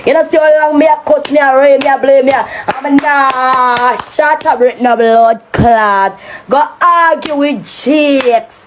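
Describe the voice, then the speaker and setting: A woman's voice: high-pitched, measured pace, a little hiss or hum. A woman with a Jamaican accent delivering a heated, taunting rant on a live stream, cursing often.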